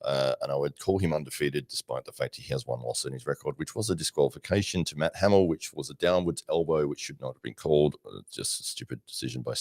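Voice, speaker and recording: A man's voice: a bass voice, fast, hardly any pauses, a little mellow, no room sound, studio quality. A man co-hosting a casual live-streamed podcast, reading viewer comments aloud and telling stories with frequent laughs. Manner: reads viewer comments aloud, laughs easily, chatty storytelling. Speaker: podcast co-host.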